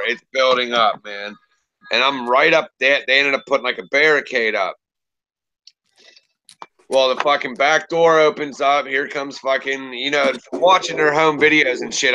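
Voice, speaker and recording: A man tells a laid-back, profane story in casual talk. His voice is bright and forceful, at a middle pitch, with a faint noise behind him. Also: low-quality recording.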